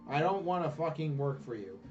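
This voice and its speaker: A man's voice: fairly high pitch, expressive, fairly quick, close to an everyday voice. A man mimicking a grumpy, stubborn bear. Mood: grudging. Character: grudging, stubborn bear who resents working. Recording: distant dull lo-fi recording with faint music.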